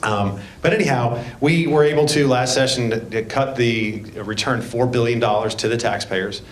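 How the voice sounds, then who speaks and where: A man, a state representative giving a folksy, joking speech at a public meeting. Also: normal speed. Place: school board meeting room. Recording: echoey room, faint rumble.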